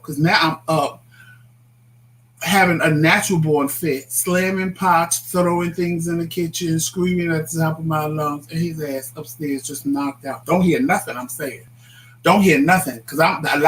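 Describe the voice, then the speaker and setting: A man co-hosting a casual talk show, telling stories in a blunt, animated way. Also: a little high, slight background noise, poor audio. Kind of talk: casual chat.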